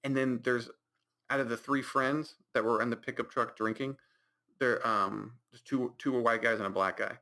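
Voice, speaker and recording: Gravelly bright-voiced guy on his podcast, rambling and mocking a dumb movie, keeps restarting. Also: medium pitch, steady tone, moderate pace. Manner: rambling and mocking, with many restarts and exaggerated quoted reactions. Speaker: podcast host. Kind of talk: casual podcast movie recap.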